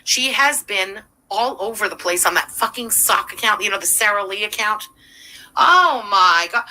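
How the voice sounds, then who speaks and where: A woman's voice: mid-range voice, expressive, moderate pace, bright, forceful tone, low-quality recording. A woman hosting a livestream, giving profane, sarcastic running commentary while thanking viewers. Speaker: livestream host.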